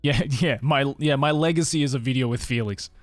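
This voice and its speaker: A man's voice: mid-range voice, a little fast, dry recording, soft background music. A young man with an Australian accent blended with other influences, chatting casually with viewers on a live stream, swearing freely and laughing often. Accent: Australian with international mix.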